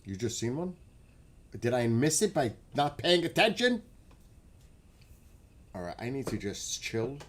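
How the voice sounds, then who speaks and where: A man hosting a casual livestream, chatting with viewers by name and getting excited as he asks them questions. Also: medium pitch, measured pace, pauses often. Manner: chatty, talks to chat by name, gets excited and laughs. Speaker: livestream host.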